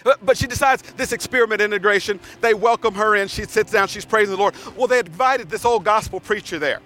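A male guest pastor preaching an animated sermon with repeated phrases and stammered restarts. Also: high voice, fast, soft background music.

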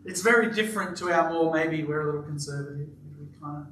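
Pastor, male, high bright voice, animated storyteller, echoey church hall mic at a distance. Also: quick pace, slight background noise. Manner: animated storytelling with playful asides. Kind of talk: sermon. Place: church auditorium with live congregation.

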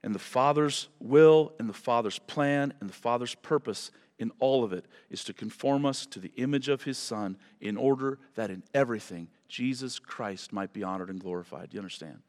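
A man's voice: mid-range voice, moderate pace, few pauses, darkish tone. A man preaching as pastor, closing a sermon and praying, earnest and pleading, stumbling and correcting himself now and then. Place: church sanctuary. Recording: reverberant church hall.

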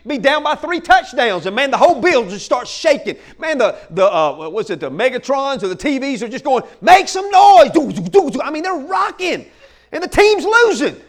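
Man preaching, very high voice, excitable, breaks into shouts, folksy and animated delivery. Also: normal speed. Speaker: pastor. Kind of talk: energetic sermon.

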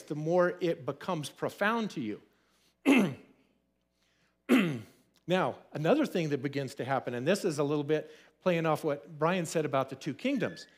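A middle-aged man preaching a sermon in a conversational way, telling stories and acting out what people said. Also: a little high. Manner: conversational storytelling, acts out quoted voices. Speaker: pastor.

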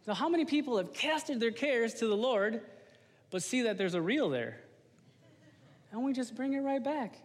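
A man in his thirties, a lay preacher giving an informal, animated sermon to a congregation. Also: very high-pitched, moderate pace. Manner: casual, animated, slangy, talks to the congregation. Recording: long hall reverb.

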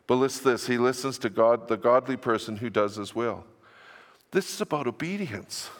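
Older male pastor, mid-pitched, earnest conversational sermon, long church-hall reverb. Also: moderate pace. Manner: conversational and earnest, with self-deprecating asides. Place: church sanctuary.

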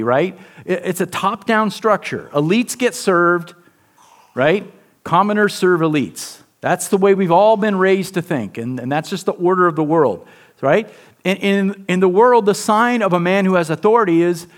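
A man preaching a sermon in a conversational, candid way, often checking in with the listeners. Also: high voice. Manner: conversational, candid, with frequent "right?" asides and restarts. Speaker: pastor.

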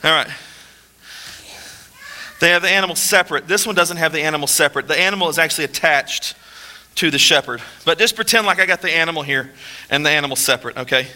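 A man's voice: a little high, fast, long pauses, bright, forceful tone. A man, preaching a sermon in a casual, joking way and asking the audience rhetorical questions. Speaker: pastor. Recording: long hall reverb.

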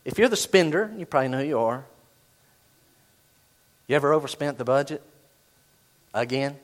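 A male pastor delivers a sermon in a fairly high voice, moving between loud emphasis and quiet asides. He also performs the inner voices he quotes.

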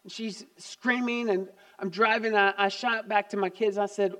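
A man in his fifties, a grandfather and pastor, preaching a sermon with personal stories, swinging from loud emphasis to quiet asides. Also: sits high, little pitch movement, normal speed, hardly any pauses, clean tone.

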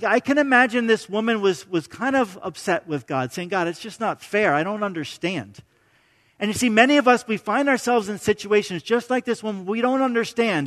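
High-voiced man preaching in a reverberant hall. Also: fairly bright tone. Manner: conversational, many restarts and "right?" tags. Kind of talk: sermon.

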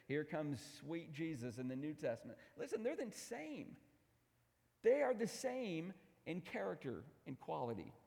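A middle-aged man preaching a sermon as pastor, emphatic, swinging between loud declarations and hushed asides. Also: sits high. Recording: long hall reverb.

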